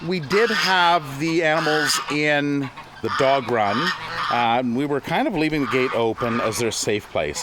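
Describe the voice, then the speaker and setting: A man giving a relaxed walking tour of his farm, chatting, laughing often and greeting animals along the way. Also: medium pitch, measured pace, heavy background noise. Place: outdoors on a farm, in woods and fields.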